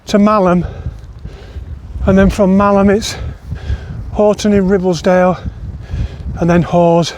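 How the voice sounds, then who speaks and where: A man's voice: high-pitched, little pitch movement, takes it slowly, a little mellow. A man, chatting casually as he walks a long-distance trail outdoors on a windy day. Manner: chatty, rambling, self-correcting. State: out of breath while climbing. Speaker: long-distance walker vlogging. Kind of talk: casual walking vlog. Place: outdoors on windy hills and moors.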